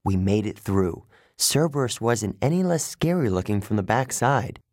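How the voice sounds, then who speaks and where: A man giving steady, measured first-person audiobook narration. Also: fairly low pitch, dry recording, studio quality.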